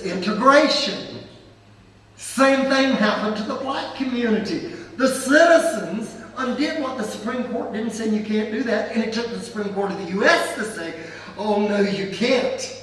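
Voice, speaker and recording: An older man and pastor, telling stories to an audience in an animated, anecdotal way with asides. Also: high voice, moderate pace. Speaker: pastor and guest speaker. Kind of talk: storytelling talk to an audience. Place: church event hall. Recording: echoey hall, from far off, faint hiss.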